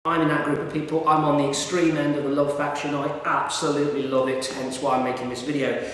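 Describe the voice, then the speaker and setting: Brief: rambling vlogger, filler-heavy, very echoey recording. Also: male voice, a little high, flat delivery, fast, fairly bright tone. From United Kingdom. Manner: rambling, chatty, many fillers and restarts. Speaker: food reviewer. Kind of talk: casual vlog talk. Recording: echoey room with long reverb.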